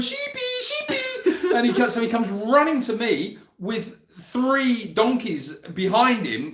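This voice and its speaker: Animated man telling a farm story. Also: high voice, reverberant. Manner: animated, breaks into laughter, rising voice as story builds. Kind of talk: casual storytelling to camera.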